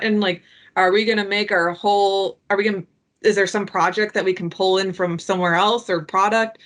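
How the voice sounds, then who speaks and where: Woman podcast guest, mid-pitched and animated, acting out colleagues' lines. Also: a little fast. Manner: animated, acts out quoted colleagues in lively voices. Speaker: project delivery guest. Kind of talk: conversational podcast talk.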